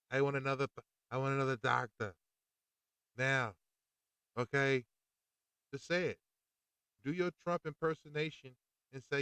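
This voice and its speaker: A man's voice: mid-range voice, a little slow, pauses often, fairly bright tone, smooth, no echo, low-quality recording. A man hosting a podcast, talking in a fired-up, preachy and slangy monologue. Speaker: podcast host. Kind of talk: opinionated monologue.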